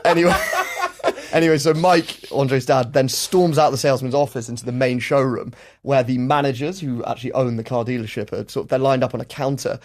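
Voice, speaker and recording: A man hosting a podcast, telling a story in a lively, animated way and breaking into shouted character voices. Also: medium pitch, brisk. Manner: animated, acts out characters with loud shouted impressions. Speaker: podcast host. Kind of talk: storytelling chat.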